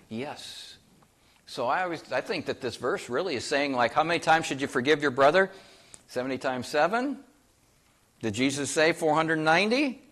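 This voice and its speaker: A man's voice: mid-range voice, fairly bright tone. A man preaching a sermon. He speaks emphatically, asks his listeners many rhetorical questions, and quotes scripture in old-fashioned wording. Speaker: pastor.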